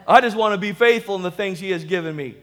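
A male pastor preaching a sermon, animated, calling for amen and swinging between loud and hushed. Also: high voice, fast.

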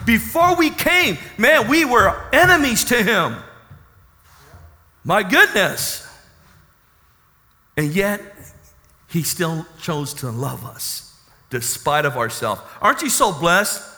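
A man's voice: high-pitched, big pitch swings, takes it slowly, pauses often, bright, forceful tone, big-room sound. A man preaching a sermon with emphatic, call-and-response asides to his congregation. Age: 30s. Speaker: pastor.

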